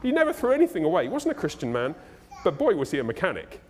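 A male pastor preaching a sermon in a conversational, animated and humorous way, in a church. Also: fairly high pitch, quick pace, slight background noise. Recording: echoey hall.

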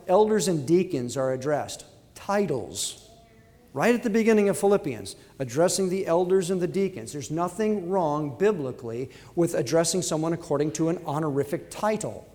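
A man with a high voice preaches an emphatic sermon. He quotes scripture and briefly acts out everyday voices to make his points. His voice rings with a long reverb, as in a large hall. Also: a little mellow.

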